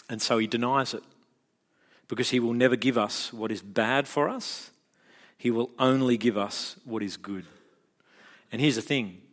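A middle-aged man with an Australian accent preaching a sermon in a chatty, joking way, often stumbling and repeating words. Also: mid-range voice. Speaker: pastor. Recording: long hall reverb.

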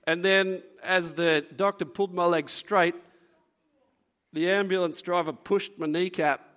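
A young man preaching to a youth group, telling stories in a lively way and acting out what people said. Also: sits high, a little slow. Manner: animated storyteller, acts out quotes. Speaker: youth pastor. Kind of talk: youth sermon with storytelling. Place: room with a live audience.

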